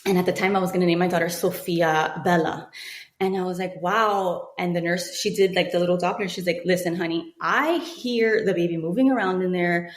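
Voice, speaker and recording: A woman in her thirties, a podcast guest telling a personal story with animated delivery, acting out what other people said. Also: fairly low pitch, fairly quick. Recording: echoey room.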